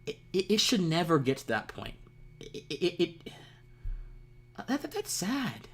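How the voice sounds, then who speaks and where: A man's voice: high-pitched, wildly swooping pitch, a little slow. A man hosting a casual chat stream, stammering and repeating himself as he talks. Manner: stammering, repeated apologies through laughter. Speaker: stream host.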